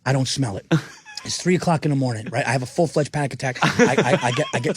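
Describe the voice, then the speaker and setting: A man, a comedian guest on a radio show, telling a story with lots of laughter and excitement. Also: a little high, a little fast, husky, no room sound. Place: radio studio. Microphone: studio microphone.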